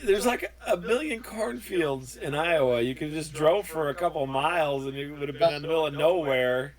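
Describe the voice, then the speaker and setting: A man's voice: on the high side, normal speed, rough recording. A man hosting a podcast, teasing his guests with wisecracks in casual chat. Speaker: podcast host.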